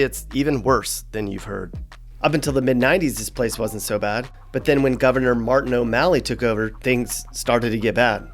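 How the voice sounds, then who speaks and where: A man hosting comedic scripted narration with sarcastic, deadpan asides. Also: mid-range voice. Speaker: host.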